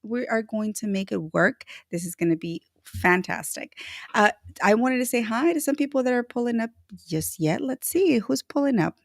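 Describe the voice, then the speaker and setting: A woman hosting a casual livestream, giving bubbly, effusive shout-outs to viewers. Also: a little high, expressive, moderate pace, vocal fry, no echo, studio quality. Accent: Latina-flavored American English. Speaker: livestream host.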